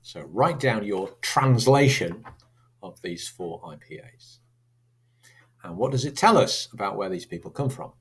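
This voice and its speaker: Husky-voiced man teaching. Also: fairly low pitch, lively intonation, a little slow. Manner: chatty, asks rhetorical questions, acts out sample accents. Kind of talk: recorded lesson.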